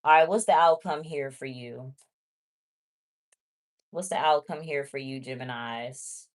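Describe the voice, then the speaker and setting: Low-voiced woman doing a casual tarot reading. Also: a little slow. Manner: chatty, blunt, talks straight to viewers. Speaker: tarot reader.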